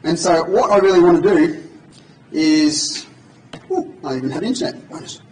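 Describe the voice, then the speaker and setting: A man's voice: a little high, expressive, moderate pace, a little mellow, slight background noise. A man at a conference giving an informal, joking live coding demo to an audience in a large hall. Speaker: conference speaker. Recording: echoey hall from far off.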